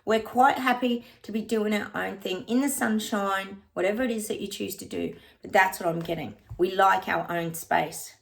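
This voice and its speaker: Here is a woman giving a chatty psychic reading to her viewers. She talks at a middle pitch, loose and friendly, calling everyone guys. She hums snatches of songs between her points. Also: steady tone, moderate pace, creaky, hardly any pauses. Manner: breaks into short bits of song and laughs often. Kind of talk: casual psychic reading to camera.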